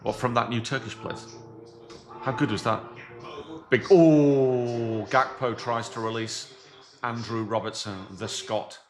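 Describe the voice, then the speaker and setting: A middle-aged man with a fairly low voice reacts to a football match. He calls the action in excited bursts and fills the quiet spells with playful, rambling banter. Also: moderate pace. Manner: jokey, excitable play-by-play between banter. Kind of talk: casual live-reaction commentary.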